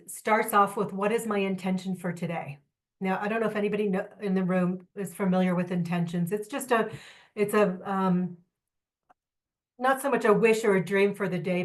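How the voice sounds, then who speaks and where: A woman trainer with a mid-range voice presents a lively, candid workshop talk at a symposium. Speaking to a live audience, she tosses in joking asides and puts questions to the room.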